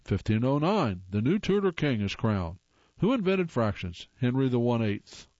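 A man's voice: medium pitch, sing-song, moderate pace, darkish tone, dry recording, dull audio. Man reading corny jokes aloud, dry sound. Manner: reads jokes then groans at them wryly. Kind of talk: casual read-aloud.

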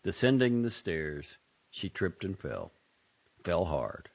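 A man reading short fiction and poetry aloud with an expressive, dramatic delivery, in a dull lo-fi recording. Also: low-pitched, takes it slowly, vocal fry. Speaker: reader.

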